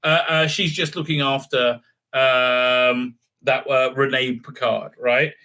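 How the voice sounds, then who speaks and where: A man hosting a show that reviews TV episodes gives a casual recap, rambling sarcastically with many fillers and restarts. His mid-range voice sounds pushed and bright, delivered flatly at a slow pace.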